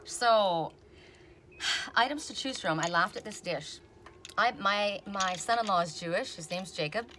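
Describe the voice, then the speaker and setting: A middle-aged woman reading oracle cards in a casual, rambling chat, telling stories and quoting people in animated voices. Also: mid-range voice, measured pace, a little hiss or hum. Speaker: oracle card reader. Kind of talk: casual chatty video reading.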